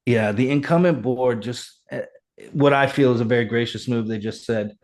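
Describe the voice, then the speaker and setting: Middle-aged male fire chief, earnest and animated, middle-range voice, conversational podcast guest. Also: medium pitch, moderate pace. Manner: animated, earnest, reenacts dialogue. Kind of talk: conversational storytelling.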